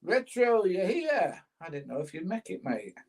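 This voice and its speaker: A man's voice: high-pitched, big pitch swings, normal speed, breathy edge, poor audio. An older man casually chatting on a livestream, reading out viewer comments and laughing as he goes. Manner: chatty, laughs often, plain-spoken. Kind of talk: casual chat.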